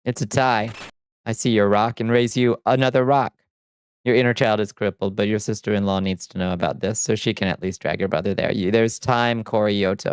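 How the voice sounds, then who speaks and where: A man's voice: lowish voice, clean tone, no echo. A man chatting on a casual livestream, reading chat aloud and answering in a chatty, sardonic way, on a close desk mic. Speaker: streamer.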